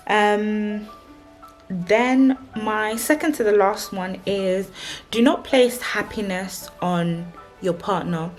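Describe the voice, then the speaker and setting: A young woman, a married vlogger giving chatty, emphatic relationship advice and repeating her warnings. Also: mid-range voice. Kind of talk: casual advice talk to camera.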